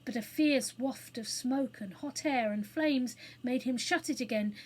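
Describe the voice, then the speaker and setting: A woman reading a children's book aloud as storyteller, in a clear, expressive manner. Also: high-pitched, a little slow, poor audio.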